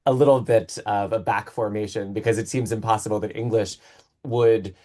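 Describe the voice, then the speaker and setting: A man's voice: on the low side, steady tone, normal speed, mellow. A man on a podcast, explaining things in a casual, lecturing way with many fillers. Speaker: podcast co-host.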